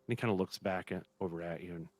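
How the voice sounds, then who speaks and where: A man narrating as game master in a tabletop game, halting, with many fillers. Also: low-pitched, no room sound.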